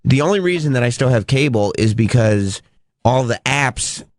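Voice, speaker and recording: A man's voice: medium pitch, animated, moderate pace, no echo. A man in casual radio banter, matter-of-fact as he explains things.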